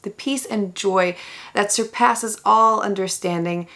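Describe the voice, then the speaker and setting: Woman, beauty vlogger, makeup tutorial, enthusiastic, gravelly voice. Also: medium pitch, takes it slowly, fairly bright tone. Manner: enthusiastic, exclaiming over products. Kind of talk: makeup tutorial talk to camera.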